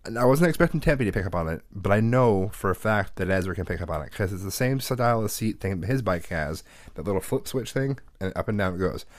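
Deep-voiced, profane man telling a story. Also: lively intonation, fast talker, no room sound. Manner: profane, rambling storyteller who acts out quotes. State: suffering from a headache. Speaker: podcast co-host and father. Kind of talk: casual chat.

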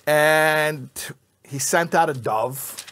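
A man's voice: on the high side, drawn-out words, a bit bright. A man teaching an informal Bible class to a live group, joking and quizzing his listeners. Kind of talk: informal Torah class with audience.

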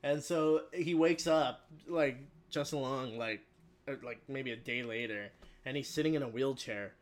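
A man casually retelling a film plot in a rambling, profane way, briefly voicing the characters as he goes. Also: medium pitch. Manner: rambling, profane, quick quoted voices for characters.

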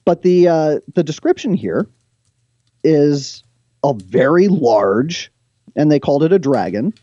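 A man who is a guest on the show, retelling stories from scripture in an animated way and reading passages aloud. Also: fairly high pitch, unhurried, no room sound, lo-fi sound.

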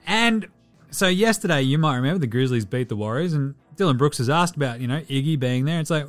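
A man's voice: fairly high pitch, fast talker, soft background music. A man hosting a casual sports podcast, running through game stats with an irreverent, sweary, joking manner. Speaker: podcast host.

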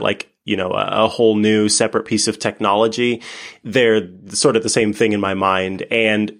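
A man with a Midwestern American accent talks in an easygoing, rambling way, restarting sentences and laughing easily. His voice sits a little low. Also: fairly bright tone. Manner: chatty, many fillers and restarts, laughs often. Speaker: podcast guest. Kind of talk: casual interview talk.

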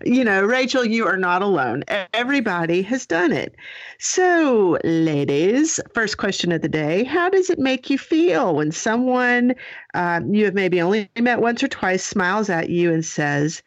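A middle-aged woman hosts a podcast and speaks straight to her listeners in a chatty, animated way. Her voice sits at an ordinary pitch, and the recording is close and dry, with no room sound. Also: a little slow, dry recording, dull audio. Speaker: podcast host. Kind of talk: casual podcast chat.

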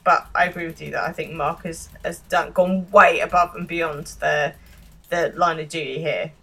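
A woman's voice: low-pitched, steady tone, moderate pace, a bit bright. A woman co-hosting a podcast, thinking aloud casually about a TV episode's characters. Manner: chatty and musing, thinking aloud with fillers. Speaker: podcast co-host. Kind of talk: casual chat discussing a TV episode.

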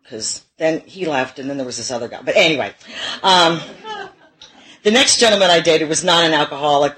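A woman's voice: sits low, a bit bright, low-quality recording. A middle-aged woman telling her own recovery story to a meeting, candid and self-mocking, with wry humor. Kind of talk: personal recovery talk.

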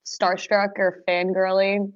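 A woman's voice: mid-range voice, monotone, takes it slowly. A young woman talking as an athlete guest in a casual podcast chat, laughing often and filling her speech with "like". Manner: chatty, laughs often, many "like" fillers. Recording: slightly dull, dry audio.

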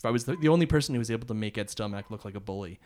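A man's voice: on the low side, expressive, rapid-fire, a little mellow. A man, a podcast co-host, telling a long story in a rambling casual way, full of restarts and short laughs.

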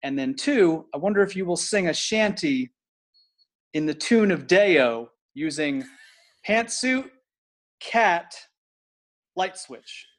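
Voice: medium pitch, lively intonation, slow, long pauses. Playful middle-aged interviewer. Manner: friendly, playful, asks questions with laughs. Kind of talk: casual interview chat.

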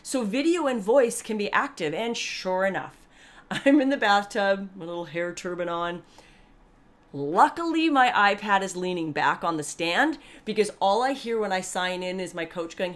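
A woman's voice: medium pitch, sing-song, moderate pace. A woman hosting a podcast, talking candidly and earnestly in a rambling, chatty way full of asides and restarts. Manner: warmly earnest and grateful. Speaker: podcast host. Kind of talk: candid personal monologue.

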